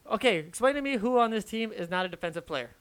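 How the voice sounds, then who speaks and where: A man's voice: sits high, animated, fast, fairly bright tone, smooth. A young man co-hosting a sports podcast, eagerly arguing for his picks. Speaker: podcast co-host. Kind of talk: casual sports chat.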